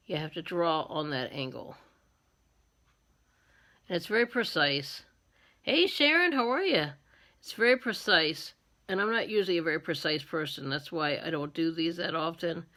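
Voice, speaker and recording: A woman's voice: sits low, a bit bright. A woman hosting a live makeup tutorial, chatty and self-deprecating as she explains each step.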